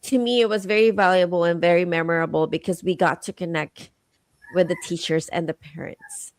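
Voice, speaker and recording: A woman co-hosting a podcast, chatty and quick to laugh and tease. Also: on the low side, fairly even intonation, no echo. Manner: laughing, teasing, warm storytelling. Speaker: podcast co-host. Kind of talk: casual interview chat.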